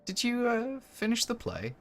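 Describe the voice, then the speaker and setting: A man's voice: very high-pitched, wildly swooping pitch, moderate pace, a bit bright, pitched above the performer's own voice, exaggerated voice. A man voicing a sly, mischievous female cultist in a game, with a coaxing manner. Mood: curious.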